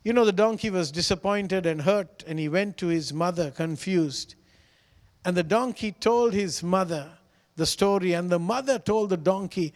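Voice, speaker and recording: A man's voice: sits high, normal speed, long reverb tail. A man preaching a sermon as pastor, earnest and pleading, repeating phrases for emphasis.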